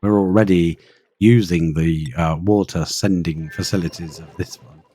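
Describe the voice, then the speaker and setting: Low, dark-voiced man thinking aloud. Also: fairly even intonation, normal speed. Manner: thinking aloud, chatty, talks to in-game creatures. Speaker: streamer playing a colony-building game. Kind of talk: live gameplay commentary.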